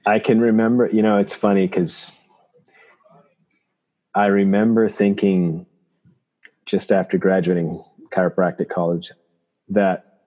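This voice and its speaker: A man, a chiropractor from Canada, telling personal stories in an interview, halting and reflective with many restarts. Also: lowish voice, fairly even intonation, warm tone. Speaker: guest, chiropractor.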